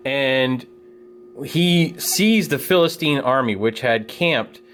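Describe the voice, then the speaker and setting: Man, children's ministry teacher, Bible story lesson, animated storytelling, casual plain speech, mid pitch.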